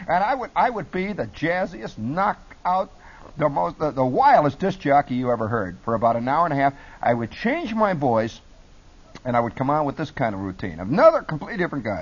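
A middle-aged man telling animated stories about his radio days as a talk show guest. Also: fairly high pitch, fairly quick, husky. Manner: lively, jumps between put-on radio voices. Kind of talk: animated storytelling. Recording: dull lo-fi broadcast audio.

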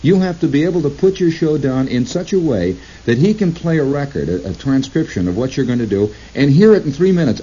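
A man broadcasting on radio, telling a long rambling story in a halting, digressive way, breaking into quoted voices. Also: medium pitch, animated, dark tone, slightly rough. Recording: lo-fi recording with faint hiss.

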